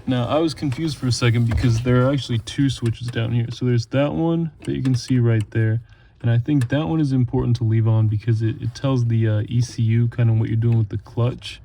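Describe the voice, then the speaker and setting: A man's voice: mid-range voice, fairly quick, slight background noise. A man casually explaining, step by step, the repairs he is doing on his car while he works in a garage. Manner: relaxed, chatty, explaining step by step. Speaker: car restoration hobbyist vlogger. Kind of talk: casual how-to narration while working on a car.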